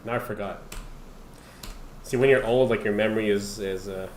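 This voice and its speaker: A man's voice: lowish voice, steady tone, normal speed, slight background noise. An American man in his thirties, laid-back and a little hesitant, hosting a casual online voice chat. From United States. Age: 30s. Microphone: online voice call. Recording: roomy echoing mic.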